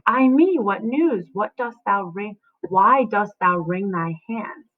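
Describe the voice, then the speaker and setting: A woman's voice: medium pitch, slow, lightly acted. A woman reading the lines of a young woman in love, reciting them in a raised, earnest voice. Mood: anxious. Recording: phone-like lo-fi audio.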